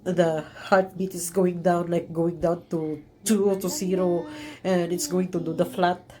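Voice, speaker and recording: A woman vlogger telling a personal story in an earnest, emotional way, halting often with fillers and restarts. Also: fairly low pitch, little pitch movement, music in the background.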